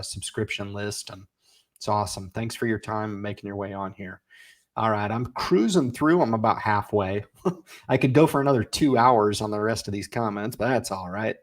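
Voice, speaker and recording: A man in his forties hosting a casual livestream, reading viewer comments and urging them on in an energetic, folksy way. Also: fairly low pitch. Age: 40s. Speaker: livestream host.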